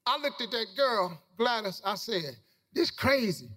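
A man's voice: sits high, very animated, unhurried, a bit bright, in a large hall. A middle-aged man telling a personal story to a live audience, in a folksy, preacher-like manner with loose vernacular grammar. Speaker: motivational speaker.

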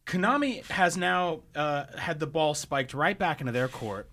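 A man's voice: on the high side, moderate pace. Chatty man hosting a gaming podcast. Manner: animated storytelling, laughs often. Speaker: podcast host. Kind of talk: casual chat.

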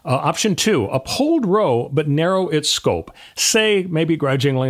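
A man's voice: fairly high pitch, big pitch swings, unhurried. A man co-hosting a legal talk podcast, laying out options step by step with many "uh" fillers. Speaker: podcast co-host, lawyer. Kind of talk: casual legal discussion.

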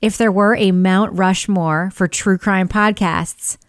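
A woman's voice: medium pitch, steady tone, slow pace, no room sound, studio quality. A woman hosting a true crime podcast, playful and teasing, laughing easily with her co-hosts. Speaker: podcast host. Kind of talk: casual podcast chat.

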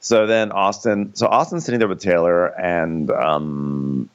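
A man's voice: a little slow, dull audio. A man co-hosting a comedy podcast, recapping a reality show and acting out the cast in squealy voices. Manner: animated, acts out cast members in high squealy voices. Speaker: podcast co-host.

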